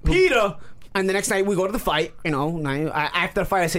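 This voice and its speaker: A man, telling a profane, animated story as podcast co-host and acting out quotes. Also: high-pitched, fast. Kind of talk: casual storytelling.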